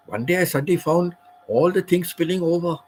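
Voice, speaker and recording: Husky middle-aged guy rambling through an old story, repeats himself a lot. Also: a little high, brisk, darkish tone, low-quality recording. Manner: rambling, repeats phrases, laughs at his own stories. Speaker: channel host. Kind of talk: casual personal storytelling.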